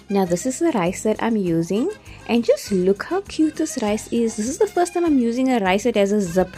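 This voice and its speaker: A woman with a fairly high pitch, big pitch swings, and a dark tone talks at a moderate pace through a cooking tutorial, backed by music. This cooking vlogger stays chatty, giving step-by-step directions with light laughs.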